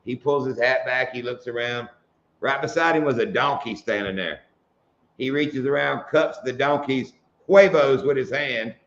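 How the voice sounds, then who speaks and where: A man's voice: mid-range voice, moderate pace, a bit bright, dull audio. A man hosting a casual live stream, telling jokes and laughing at them. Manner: joking storyteller, laughs at own jokes.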